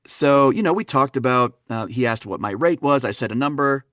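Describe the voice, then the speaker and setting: A man from Wisconsin, a dialect coach, telling stories on a podcast in an animated, laughing way. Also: mid-range voice, normal speed, no room sound, clean studio sound. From Wisconsin, USA. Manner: animated, laughing, fond of voicing characters. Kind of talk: anecdotal storytelling in a podcast interview.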